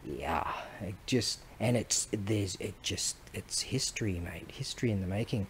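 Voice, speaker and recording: A man's voice: mid-range voice, slow pace. Rambling Australian man, noisy recording. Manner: rambling, excitable, slangy, with frequent restarts. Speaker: online seller showing items. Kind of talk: casual rambling show-and-tell.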